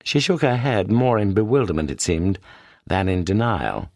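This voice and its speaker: A man with a British accent reading a detective story as an audiobook narrator in a steady storytelling manner. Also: lowish voice, normal speed, vocal fry, no echo. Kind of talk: scripted narration.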